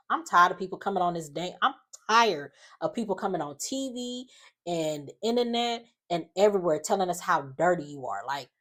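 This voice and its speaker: A woman casually recapping a reality show, telling it in an animated, sassy way with slangy asides. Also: lowish voice.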